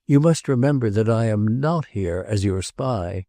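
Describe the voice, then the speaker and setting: A man's voice: on the low side, expressive, a little slow, mellow, no echo. A man doing a weary old woman. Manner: dry, tired, refusing. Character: elderly woman, weary and blunt.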